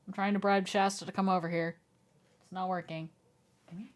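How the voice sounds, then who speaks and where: A young woman streamer in casual livestream chat at home, laughing often and talking in a soft, coaxing way. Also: lowish voice, steady tone, brisk, long pauses. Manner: giggly, laughs often between sentences; soft, coaxing voice when calling her dog. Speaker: live streamer.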